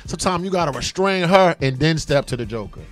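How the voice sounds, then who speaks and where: A man's voice: on the high side, lively intonation, fast talker. A man in his forties co-hosting a casual talk radio show, speaking in an impassioned, emphatic way. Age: 40s. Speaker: co-host.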